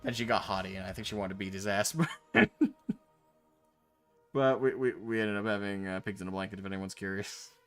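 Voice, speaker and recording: A man streaming while painting miniatures, telling a long casual story in a rambling, animated way with the odd swear word. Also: fairly low pitch, fairly quick, pauses often. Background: faint Gregorian chant music.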